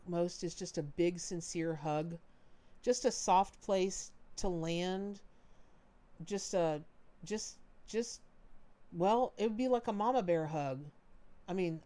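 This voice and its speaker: A woman hosting a live-stream tarot reading, chatty and animated with folksy, warm-hearted talk. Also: medium pitch. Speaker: tarot reader hosting a charity livestream.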